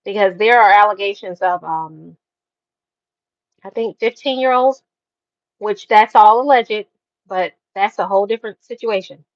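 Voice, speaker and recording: A woman hosting a casual chat show, telling stories in an animated way, full of slang. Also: mid-range voice, a little slow, long pauses, no echo. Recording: dull dry lo-fi sound.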